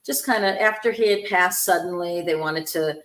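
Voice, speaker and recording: A woman hosting a spiritual talk show, telling a story warmly and acting out the voices in it. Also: on the low side, moderate pace, roomy sound. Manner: animated storyteller, acts out quoted voices. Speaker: host, spiritual medium.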